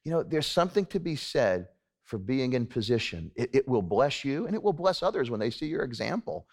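A man's voice: mid-range voice, very animated, a little fast. A man preaching a sermon to a congregation, talking in a casual, conversational way and checking in with "okay?" asides. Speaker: pastor.

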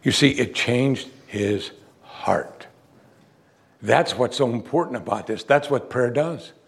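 Gravelly-voiced male preacher. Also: medium pitch, slow. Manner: emphatic, asks the listeners rhetorical questions; reads scripture aloud between explanations. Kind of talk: sermon.

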